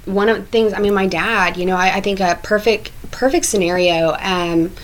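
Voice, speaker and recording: A woman's voice: mid-range voice, steady tone, moderate pace, low-quality recording. An American woman chatting as a guest, telling travel stories with frequent laughs and many fillers. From United States. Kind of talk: casual conversation.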